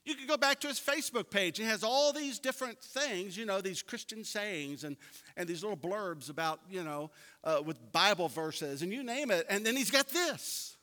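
Preaching in a high, bright, forceful voice with lively intonation, this pastor keeps a moderate pace as he tells folksy stories and climbs toward emphatic points. The recording carries a long reverb from the hall.

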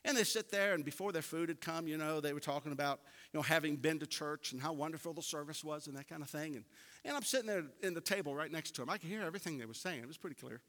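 A man's voice: fairly high pitch, quick pace, fairly bright tone. A man preaching a sermon, telling folksy stories and building to emphatic points. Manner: folksy storytelling preacher, rising to emphatic peaks. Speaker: pastor. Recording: long hall reverb.

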